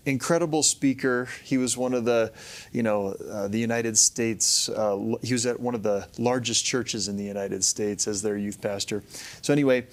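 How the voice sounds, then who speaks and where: Relaxed male musician telling stories. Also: mid-range voice. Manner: relaxed storyteller, acts out quoted voices. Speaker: musician guest. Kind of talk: casual storytelling.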